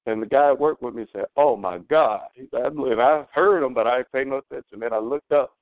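A middle-aged man on a community call, telling a story as a testimony, animated, with many restarts. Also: medium pitch, brisk, dry recording, highs cut off. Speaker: caller sharing a testimony. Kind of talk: casual spoken testimony.

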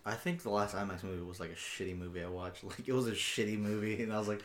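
A man's voice: on the low side, fairly even intonation, fast, fairly bright tone, a little hiss or hum. A young man co-hosting a podcast, chatting casually, swearing and laughing often. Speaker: podcast co-host. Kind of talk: casual chat. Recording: echoey room.

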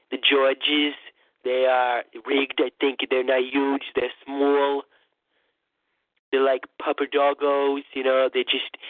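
A man does a comedic impression monologue parodying a boastful, rambling old male politician, stammering and repeating himself. His medium-pitched voice stays close to an everyday tone, with no echo, and the recording sounds tinny, dry, and phone-like.

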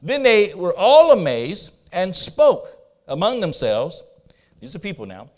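A man preaching a sermon in a somewhat high voice, bold and emphatic. He drops into soft asides between his loud declarations and speaks straight to his congregation. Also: sing-song, moderate pace. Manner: laughs at himself, talks to the congregation. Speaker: pastor.

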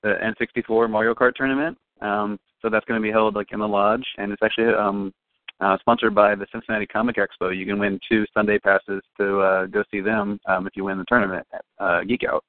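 A man with a lowish voice talks fast and rambles, full of ums as he describes his event. The sound is thin and tinny, like a phone line. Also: little pitch movement, dry recording. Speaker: event organizer guest. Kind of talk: casual interview chat. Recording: tinny, phone-like dry audio.

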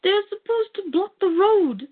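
A woman voicing a cowardly male armored villain who pleads in a high, whiny voice. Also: expressive, unhurried. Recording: tinny phone-like sound.

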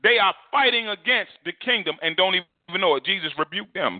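A man preaching a sermon, emphatic and repetitive, swinging between loud and soft. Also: sits high, lively intonation, fairly quick, no echo. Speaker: pastor. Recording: dry phone-like audio.

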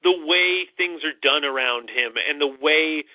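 A high-voiced man rambles on as a podcast co-host, piling up fillers and swearing in exasperation. His voice comes through a tinny, phone-like channel with no room echo. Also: measured pace. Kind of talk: casual wrestling chat. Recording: dry, phone-like narrow sound.

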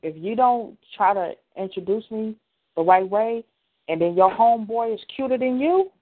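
A woman's voice: fairly high pitch, animated, normal speed. A woman co-hosting a radio talk show, chatting casually and emphatically, speaking straight to listeners. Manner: emphatic, addresses listeners directly. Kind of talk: casual chat. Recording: tinny phone-like sound.

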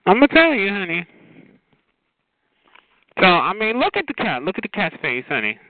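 A man's voice: high voice, wildly swooping pitch, moderate pace, no echo. A man hosting a call-in show, sassily roasting a caller and drawling "child" and "honey" between every jab. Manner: sassy, drawling, calls others child and honey. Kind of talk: sassy comedic roasting on a phone call. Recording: tinny phone line.

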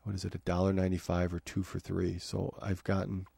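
A podcast host talks from his home office in a low, flat, gravelly voice. He rambles loosely through his thoughts. The sound is dark, husky and dry. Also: brisk, no echo. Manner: rambling, many fillers and restarts. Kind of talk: casual review talk.

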